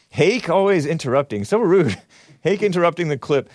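A man's voice: lively intonation, fairly quick, dry recording. Mocking male talk show host, dry sound. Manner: mocking, laughing asides, jumpy pitch. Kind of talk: casual political commentary.

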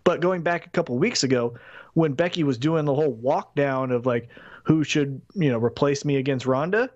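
A man co-hosting a casual wrestling podcast, animated and fond of acting out quotes. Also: normal speed, dull audio. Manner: animated, acts out quotes with big pitch jumps. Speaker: podcast co-host.

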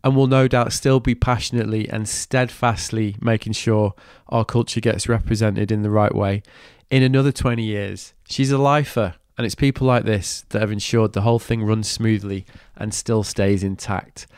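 Nasal with a cold, this podcast host from Manchester, England, delivers a scripted opening and then slips into casual interview chat, sounding cheeky and enthusiastic and swearing freely. He speaks at normal speed with hardly any pauses, in a lowish, steady, slightly mellow and clean voice. The audio is studio quality with no echo.

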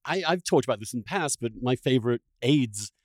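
Male host, wry dark humor, expressive lively pitch, dry sound. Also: a little fast, dry recording. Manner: wry, darkly humorous, laughs while talking. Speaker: podcast host. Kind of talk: casual conversation.

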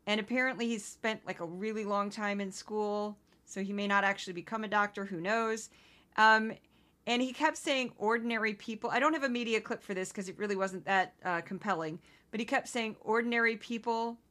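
A woman from Missouri hosting a solo news-commentary podcast, talking in an indignant, conversational way with quick asides. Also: mid-range voice, bright, forceful tone. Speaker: podcast host.

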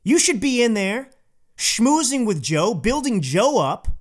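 A man's voice: very high voice, sing-song, a little slow. A male podcast host delivering an emphatic, indignant political opinion monologue, repeating points for stress.

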